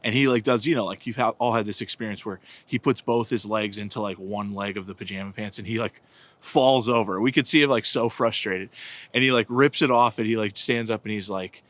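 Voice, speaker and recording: A man's voice: mid-range voice, fairly quick, fairly bright tone, dry recording. Man giving a chatty faith reflection. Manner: conversational, anecdotal, frequent "right?" and "like". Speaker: diocesan director of evangelization. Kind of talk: informal catechetical reflection.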